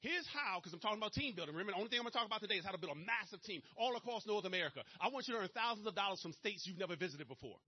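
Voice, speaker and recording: A man with a Maryland accent giving a fast-talking, energetic motivational seminar talk straight to his audience. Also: high voice, husky, highs cut off. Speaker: motivational speaker at a business presentation.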